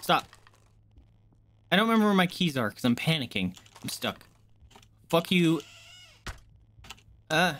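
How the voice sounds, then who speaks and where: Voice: medium pitch, expressive, unhurried, long pauses, fairly bright tone, a little hiss or hum. A streamer doing live horror gameplay commentary, jumpy and swearing a lot, shrieking at scares and talking straight to the chat. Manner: talks to chat directly.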